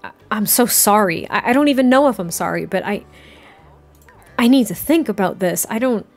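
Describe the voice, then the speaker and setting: A woman's voice: medium pitch, animated, moderate pace, soft background music. A woman voicing an overwhelmed young mother who stammers and asks questions in disbelief. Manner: stammering, raised and exasperated.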